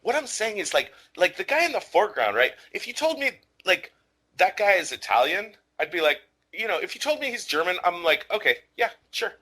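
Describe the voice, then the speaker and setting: Male podcast co-host, casual film talk, emphatic and profane, lively bright delivery. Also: high-pitched, brisk. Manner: animated, emphatic, swears freely.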